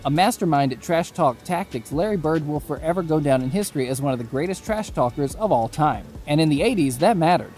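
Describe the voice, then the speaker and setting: A man reading scripted sports documentary narration in a steady, even way. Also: on the high side, a little fast, hardly any pauses, soft background music.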